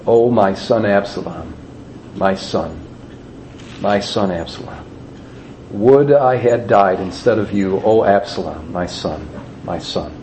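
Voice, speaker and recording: A man reading the lament of a grieving king for his son aloud in a soft, hushed voice. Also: lowish voice, slow, long pauses, a little hiss or hum, voice pushed down, low-quality recording.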